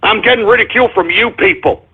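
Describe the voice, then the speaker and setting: Man, radio host, comedic rant, exasperated, high lively voice, tinny lo-fi sound. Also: quick pace, breathy edge. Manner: exasperated, swings between muttering and shouting. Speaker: internet radio show host. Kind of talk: comedic ranting radio monologue. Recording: tinny phone-like lo-fi audio.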